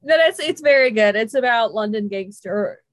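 A woman co-hosting a podcast in casual chat, talkative and quick to laugh. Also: on the high side, lively intonation, no room sound. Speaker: podcast co-host.

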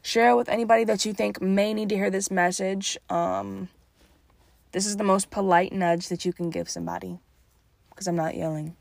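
A tired young woman talking calmly and softly in a casual solo podcast, late at night at home. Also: mid-range voice, normal speed, gravelly, dry recording. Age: young adult. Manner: calm and soft-spoken. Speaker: podcast host.

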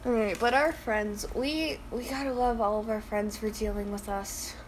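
A teenage girl co-hosting a casual podcast, loud, teasing and quick to laugh. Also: fairly high pitch, fairly even intonation, background noise. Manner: giggly, loud, quick to tease. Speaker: podcast co-host. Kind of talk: casual chat.

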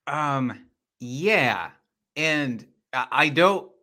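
A man with a high, slightly odd voice, chatting casually as a podcast guest and often laughing at himself. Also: animated, extremely slow, sharp tone. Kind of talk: casual chat.

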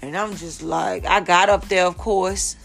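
A woman's voice: on the low side, steady tone, measured pace, creaky, soft background music. A young woman hosting a casual solo podcast from her bed, telling stories in a blunt, profane way and quoting the people in them. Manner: blunt, profane, storytelling with quoted voices. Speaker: podcast host. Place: lying in her bed at home.

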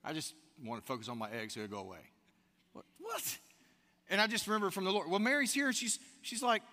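A man's voice: sits high, quick pace. A man preaching a sermon, telling stories and acting out quoted lines, calling the congregation y'all. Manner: animated storytelling with quoted asides, addresses the congregation as y'all. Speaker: pastor. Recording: long hall reverb.

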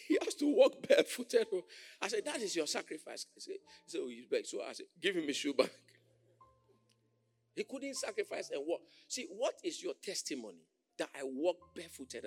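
A man preaching a sermon as pastor, animated, often shouting and laughing as he mimics others. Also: sits high, slightly rough.

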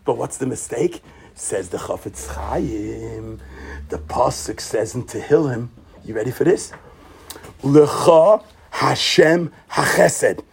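A man teaching an animated Torah lecture, emphatic, full of rhetorical questions and repetition, swinging between soft asides and near shouts. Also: mid-range voice, takes it slowly, creaky, breathy edge.

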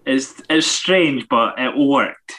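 A man's voice: mid-range voice, takes it slowly, bright, forceful tone. A man chatting as a podcast co-host, blunt, swearing and stammering on restarts. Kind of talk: casual chat.

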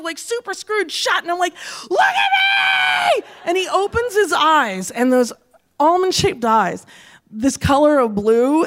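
A woman telling a comic personal story, profane and animated, acting out the quoted lines with shouts and laughing through the telling. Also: high voice.

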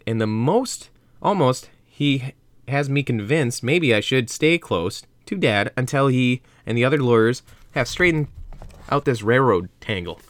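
A man voicing an earnest young female sleuth in a storybook read-aloud, slow and careful. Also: mid-range voice, expressive, dry recording, close to an everyday voice.

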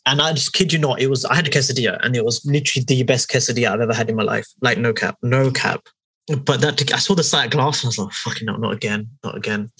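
A young man with a London accent talks fast and loose, swearing and acting out other people's voices as he tells stories. His voice is a little husky, with a middling pitch. The recording is close and dry. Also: no echo, rough recording. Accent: London English. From England. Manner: animated, swearing, acts out voices in quotes. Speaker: podcast co-host. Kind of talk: casual storytelling chat.

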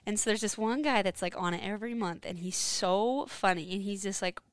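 A woman's voice: mid-range voice, fairly quick, smooth, dry recording. A young woman chatting casually as a co-host, telling a work story with lots of "like"s. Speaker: podcast co-host. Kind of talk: casual chat.

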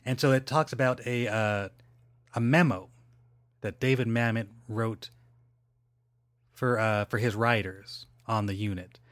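Low-pitched guy rambling solo on his podcast, dry close mic, lots of ums and restarts. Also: unhurried, pauses often, fairly bright tone, dry recording. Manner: rambling, digressive, with frequent fillers and self-corrections. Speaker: podcast host. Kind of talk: solo casual podcast monologue.

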